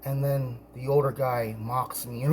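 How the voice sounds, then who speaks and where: A man telling a story in an angry rant, stammering and repeating himself, now and then bursting into shouts. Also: a little high. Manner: many restarts and stammered repeats. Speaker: vlogger.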